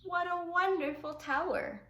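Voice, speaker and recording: A woman reading the part of a gentle, patient elderly grandfather in a calm, coaxing way. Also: very high voice, measured pace, slight background noise, voice pushed up. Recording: echoey room.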